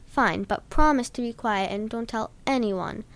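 A woman voicing a big, gentle, secretive gamekeeper who talks hastily and reassuringly. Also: fairly high pitch, moderate pace, lightly acted. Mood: hasty. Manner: hasty, reassuring.

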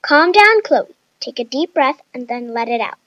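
Woman playing a bossy, impatient young woman, high voice, dull dry lo-fi sound. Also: lively intonation, normal speed, bright, forceful tone, dry recording. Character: bossy, calm young woman taking charge.

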